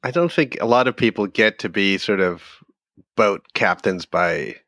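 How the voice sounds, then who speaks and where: A man's voice: lowish voice, normal speed, fairly bright tone, no room sound, studio quality. A man co-hosting a podcast, chatting casually and joking with laughs. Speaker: podcast co-host. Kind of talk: casual chat.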